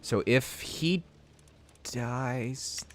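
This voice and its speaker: A man giving casual live commentary while streaming a strategy game, thinking out loud and reading the game's text aloud. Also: mid-range voice, very slow, a little hiss or hum.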